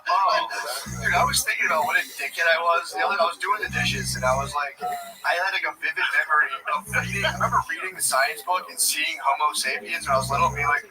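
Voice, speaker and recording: A man's voice: a little high, fast talker, over music, rough recording. A man in his thirties telling stories in casual chat, swearing, laughing often and acting out what people said. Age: 30s. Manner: profane, laughing storyteller, acts out quotes.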